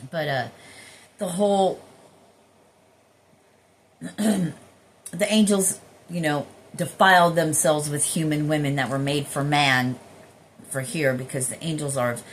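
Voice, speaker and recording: A woman with a fairly low voice talks casually at home about spiritual things, rambling and swearing as she goes. A faint hum of room noise sits under her voice. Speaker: spiritual healer vlogger. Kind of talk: casual spiritual musing to camera.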